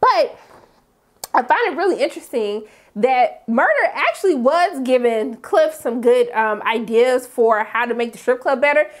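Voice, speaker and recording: A young woman hosting a casual TV recap vlog, animated, with sudden high exclamations and quieter low asides. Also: moderate pace. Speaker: recap host.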